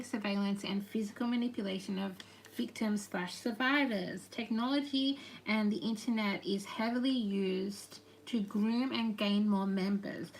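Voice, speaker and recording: A woman speaking channeled messages in a halting, meandering way, with murmured asides. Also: mid-range voice, a little hiss or hum, rough recording.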